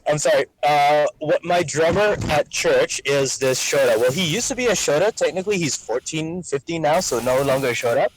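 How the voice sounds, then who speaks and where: This is a man chatting on a live gaming stream, his voice sitting a bit high for a man. He rambles through anecdotes with plenty of casual swearing. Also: expressive, normal speed, few pauses, slight background noise, low-quality recording. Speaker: livestreamer.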